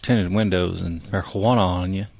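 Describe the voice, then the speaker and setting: A man's voice: deep voice, fairly even intonation, normal speed, gravelly, a little mellow, no room sound. A man speaking as a guest in a casual podcast chat, making dry remarks. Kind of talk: casual conversation.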